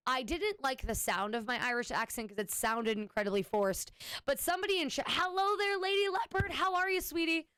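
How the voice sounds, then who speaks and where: A woman's voice: fairly high pitch, a bit bright, smooth, dry recording. A woman streamer chatting casually with her viewers, rambling and swearing now and then. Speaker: Twitch streamer.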